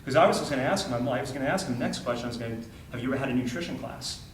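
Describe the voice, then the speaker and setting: A man's voice: mid-range voice, racing, a little hiss or hum. A man giving a training talk, telling a story emphatically and acting out the dialogue, repeating phrases for effect. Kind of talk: animated storytelling talk to a group. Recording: roomy sound from far off with faint ambience.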